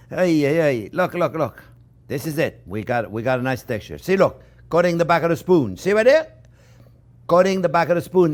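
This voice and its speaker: His voice sits a little high as this chef, who has a French accent, chats his way through a cooking demonstration in the kitchen. He often repeats himself and talks to viewers as though they were friends.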